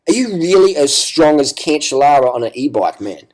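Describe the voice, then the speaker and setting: A man with a fairly high voice rants in vlog commentary. He swears constantly and sounds sarcastic and combative. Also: very animated, normal speed, darkish tone. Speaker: cycling vlogger.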